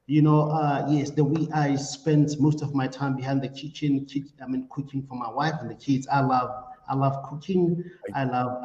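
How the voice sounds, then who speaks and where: A man from South Africa answering mock interview questions as a job candidate, hesitant and halting. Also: medium pitch, warm tone. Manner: hesitant, many fillers and restarts. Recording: echoey dull room sound.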